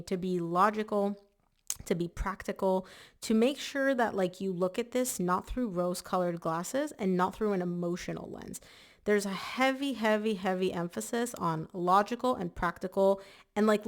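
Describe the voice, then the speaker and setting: A woman giving a casual monthly tarot reading in a chatty, emphatic way, slightly hoarse and clearing her throat. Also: mid-range voice. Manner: chatty, emphatic, repeats words for stress. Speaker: tarot reader.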